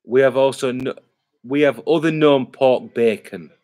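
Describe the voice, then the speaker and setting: A man hosts a casual live stream, answering viewer comments as they come in. He rambles, circles back and restarts his sentences, with lots of "uh" and "um" along the way. His voice sits at an ordinary middle pitch. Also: unhurried, darkish tone. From England. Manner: rambling, chatty, many fillers and restarts. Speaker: vlogger hosting a live stream.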